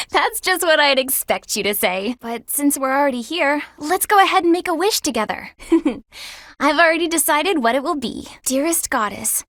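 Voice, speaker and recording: An eager, giggly young student. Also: female voice, high-pitched, a bit bright, no room sound, studio quality. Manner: eager, earnest and quick to giggle. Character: eager earnest young woman student, hardworking and shy. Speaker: video game character. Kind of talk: video game voice acting.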